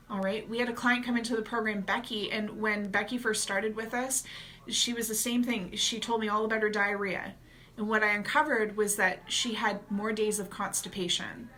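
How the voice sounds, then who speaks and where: Bright, energetic woman gut coach. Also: mid-range voice. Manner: energetic, casual and chatty, talks straight to viewers as "guys". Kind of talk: direct-to-camera health advice vlog.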